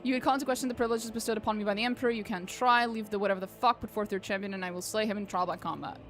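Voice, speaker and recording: A woman's voice: medium pitch, steady tone, rapid-fire, natural voice. A woman reading aloud as a boastful, blunt male noble warlord from a game, over faint music.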